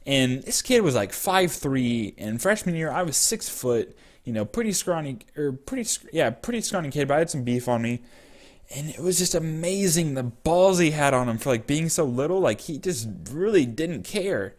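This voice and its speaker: A man's voice: a little high, lively intonation, moderate pace. A young man vlogger casually telling a personal story, rambling with many fillers.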